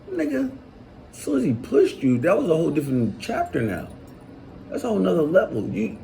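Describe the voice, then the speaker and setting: A man's voice: fairly high pitch, vocal fry, slight background noise, low-quality recording. A man in casual conversation who challenges his guest bluntly and acts out people's reactions. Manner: blunt, animated, acts out reactions in quoted voices.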